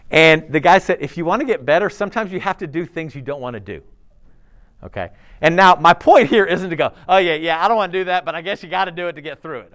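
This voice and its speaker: A man preaching to teenagers in a chatty, animated way, often checking in with "okay?" and acting out quoted voices. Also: on the high side. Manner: acts out quoted voices and laughs along. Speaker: youth pastor. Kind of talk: sermon.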